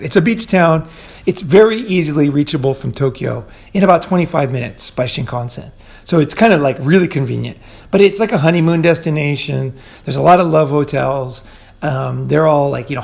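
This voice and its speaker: A man's voice: a little high, gravelly. A man hosting a show, telling stories in a loose, rambling way with lots of fillers, casual swearing and laughs at his own tales. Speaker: podcast host. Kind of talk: casual storytelling monologue.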